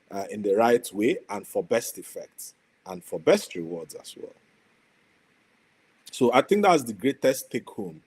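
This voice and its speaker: A man, speaking as a guest on an online panel over a video call, measured and pausing with fillers. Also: medium pitch, a little mellow. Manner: measured, many fillers and restarts.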